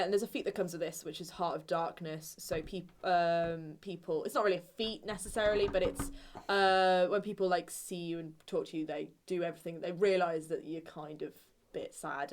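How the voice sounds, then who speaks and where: A woman with an English accent talks casually about her tabletop game character, rambling with fillers. Her voice sits a little low for a woman. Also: steady tone, a little fast. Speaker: player.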